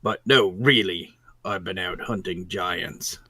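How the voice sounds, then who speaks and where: A man's voice: low-pitched, slow pace, pushed and bright, slightly rough, dry recording, pitched below the performer's own voice, exaggerated voice. A man voicing a drunk dwarf barbarian who earnestly insists on his story.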